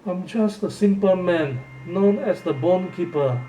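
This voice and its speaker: A man's voice: high voice, measured pace, warm tone, a little hiss or hum. A man voicing a small, frightened, hooded man who collects bones, speaking fearfully and sadly in a gamebook reading. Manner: fearful, then sad and meek. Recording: roomy, distant mic with music behind.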